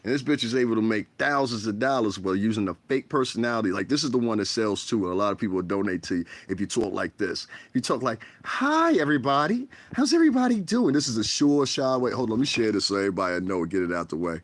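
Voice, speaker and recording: Low-voiced man ranting frankly. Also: quick pace, few pauses, no echo. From United States. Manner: frank, profane, rambling. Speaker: livestream host. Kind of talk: casual livestream rant. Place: bedroom. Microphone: tablet.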